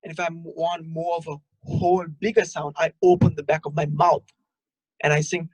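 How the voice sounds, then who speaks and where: A man teaching a singing workshop over a video call, explaining in a relaxed, halting way between short sung demonstrations. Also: on the high side, breathy edge, dry recording. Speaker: guest vocal coach.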